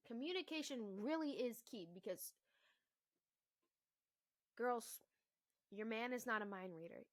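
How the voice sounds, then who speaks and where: A young woman in her twenties, a mother, ranting bluntly to the camera about relationships with heavy swearing and loud emphatic bursts. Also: a little high, measured pace, pauses often. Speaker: mother and vlogger.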